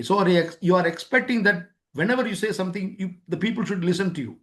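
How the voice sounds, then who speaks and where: Higher-voiced man lecturing on a webinar. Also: fast talker, a bit bright. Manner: repetitive, acts out both sides of everyday exchanges. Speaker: webinar speaker on life skills. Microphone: remote webinar microphone.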